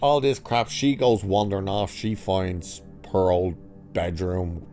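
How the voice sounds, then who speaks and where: Low, dark-voiced sarcastic male reviewer. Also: fairly even intonation, takes it slowly, faint music behind. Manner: sarcastic, mocking, profane. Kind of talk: casual episode recap and review.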